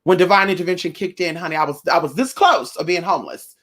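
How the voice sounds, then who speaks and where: A woman vlogger talking straight to her viewers about her own life, blunt and animated. She swears freely and keeps calling her listeners y'all, girl and honey. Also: on the low side, fast. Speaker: spiritual vlogger. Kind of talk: casual personal storytelling to viewers.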